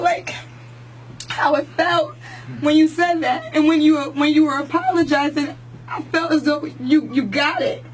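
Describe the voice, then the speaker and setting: A woman's voice: high voice, steady tone, unhurried, low-quality recording. A woman radio host speaking earnestly and from the heart to a guest on air, often repeating herself. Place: radio studio.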